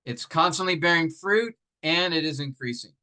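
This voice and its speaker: Here a man's voice sits fairly high, animated and bright with a forceful edge, though the audio is poor. Teaching grammar, he lays things out patiently one step at a time and asks his students rhetorical questions. Fillers and restarts are frequent, and he slows down on example phrases.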